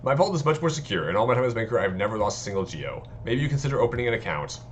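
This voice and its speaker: A man reading out a friendly female banker creature from a video game, a little softer than his usual talk. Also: mid-range voice, very animated, very fast, a little hiss or hum, natural voice. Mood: sweetly welcoming.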